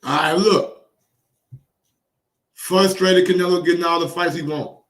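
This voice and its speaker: A man hosting boxing commentary, reacting in casual, profane, excitable talk and repeating phrases for emphasis. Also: a little high, measured pace, echoey room, far from the mic. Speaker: boxing commentary channel host.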